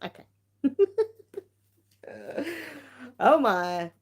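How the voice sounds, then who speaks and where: A woman's voice: on the low side, expressive, very slow, breathy edge. A woman hosting a tarot livestream, chatty and giggly, a bit tired. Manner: chatty, giggly, self-mocking. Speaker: tarot-reading livestream host. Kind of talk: casual live-stream chat.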